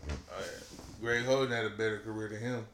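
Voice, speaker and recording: A man co-hosting a casual podcast chat, animated and swearing, often laughing. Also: on the low side, fast, a little hiss or hum. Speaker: podcast co-host. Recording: echoey room with faint ambience.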